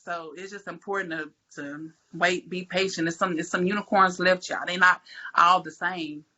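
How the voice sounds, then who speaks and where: Taking part in relaxed faith talk as a podcast panelist, a woman delivers her points in a forceful, sermon-like way, echoing phrases to stress them. Her voice is lowish, steady, bright and forceful at a moderate pace, heard through muffled lo-fi sound.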